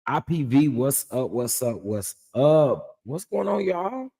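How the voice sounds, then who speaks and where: Guy on a livestream, scratchy gravelly voice, slow easy talk, echoey room. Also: medium pitch, very animated, mellow. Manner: greets viewers by name, drawls "child" and "y'all". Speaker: livestream host recapping a reality show. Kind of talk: casual livestream chat.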